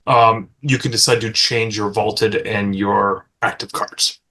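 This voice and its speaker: A man running a tabletop game as game master, in relaxed, joking table chat that now and then turns profane. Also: lowish voice, unhurried.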